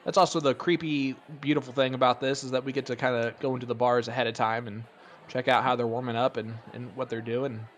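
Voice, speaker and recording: A man doing casual play-by-play darts commentary, chatty and rambling, getting excited on big throws. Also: mid-range voice, fast talker, slight background noise.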